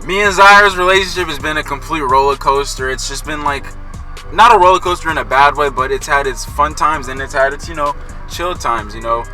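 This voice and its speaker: A man's voice: fairly high pitch, a little fast, pushed and bright, poor audio. A twenty-one-year-old man co-hosting a couple's Q&A, joking and laid-back, saying "bro" and "you know". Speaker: co-host of couple's channel. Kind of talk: casual Q&A chat. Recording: music clearly underneath.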